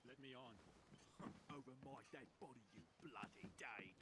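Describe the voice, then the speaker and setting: An actor playing an angry male sailor out for revenge over his brother, in a game, talking gruff and threatening. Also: medium pitch, moderate pace, very noisy, close to an everyday voice. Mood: hostile. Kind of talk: game voice acting.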